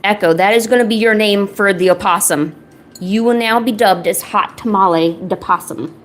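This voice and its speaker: A young woman art streamer chats casually with her viewers while painting on a livestream, rambling and talking to both the chat and a pet. Her voice is mid-range and her pace moderate.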